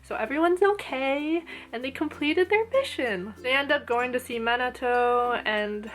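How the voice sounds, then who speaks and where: Gushing, excitable young-sounding woman. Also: high voice, measured pace. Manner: gushing, excitable, lots of fillers like "oh my gosh". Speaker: anime reviewer. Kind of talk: casual video review.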